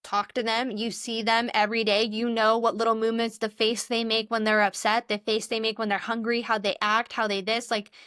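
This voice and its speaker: A woman's voice: on the high side, level tone, brisk, few pauses, a bit bright, smooth, dry recording, studio quality. A young adult woman co-hosting a podcast, talking in a rambling, earnest, chatty way. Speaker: podcast co-host. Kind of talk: casual chat.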